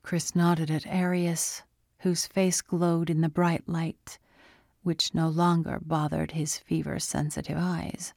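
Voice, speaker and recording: Audiobook narrator: a woman with a low, gravelly voice, reading slowly and quietly. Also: little pitch movement, no echo, clean studio sound. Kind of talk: scripted narration.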